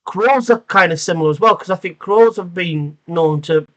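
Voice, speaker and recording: A man's voice: sits high, moderate pace, a bit bright, muffled recording. A man hosting a casual chat, rambling and repeating words as he goes. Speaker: host.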